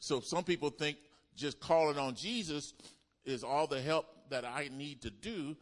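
Man preaching a lively call-and-response sermon. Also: on the high side, a little slow. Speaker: pastor. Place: church.

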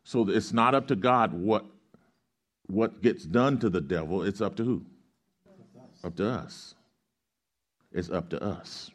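A man's voice: fairly low pitch, takes it slowly, long pauses. A male pastor preaching a sermon. He reads scripture aloud, explains it like a teacher, and asks the congregation questions for them to answer back. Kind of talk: sermon with call-and-response.

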